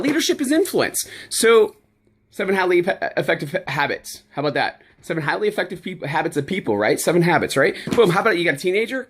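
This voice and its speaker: A man's voice: a little high, big pitch swings, brisk, fairly bright tone. A middle-aged man from the United States, a life coach giving a fired-up motivational rant to the camera with punchy, repeated exclamations.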